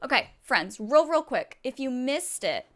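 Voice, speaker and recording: A young woman streaming a video game, chatting directly to her viewers in a chatty, excitable way. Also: high-pitched, measured pace. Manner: chatty, addresses chat directly; excitable, gushing. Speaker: Twitch streamer. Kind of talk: casual live-stream chat while gaming.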